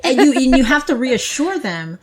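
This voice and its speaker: Middle-aged woman, podcast co-host, chatty and animated, acts out the people she quotes. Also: high-pitched, normal speed, a loud crowd. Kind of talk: casual conversation.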